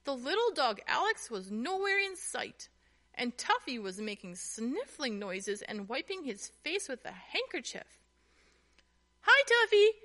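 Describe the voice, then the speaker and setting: A woman narrating a children's storybook in a slow, expressive way. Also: high-pitched.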